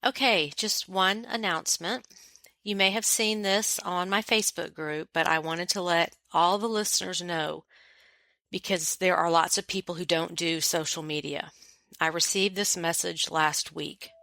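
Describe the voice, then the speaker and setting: A woman hosting a podcast, choked up as she makes a somber announcement in a halting, emotional way. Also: on the low side, fairly even intonation, gravelly, pushed and bright, dry recording. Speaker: podcast host. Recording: music playing underneath.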